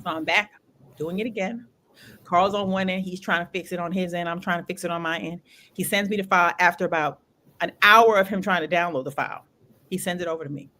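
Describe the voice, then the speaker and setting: A woman hosting a casual talk show, telling a long story in an animated way, repeating phrases for emphasis and swearing freely. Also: on the low side, brisk. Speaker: show host.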